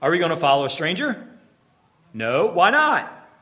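A man's voice: on the high side, wildly swooping pitch, pushed and bright. A man preaching a sermon as pastor, quizzing the congregation with fill-in-the-blank questions and repeating key points with emphatic bursts. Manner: emphatic bursts and slowed-down repetition.

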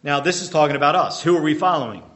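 Bright-voiced male pastor quizzing his congregation. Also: fairly high pitch. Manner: quizzes the congregation with fill-in-the-blank questions; emphatic bursts and slowed-down repetition. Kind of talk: sermon.

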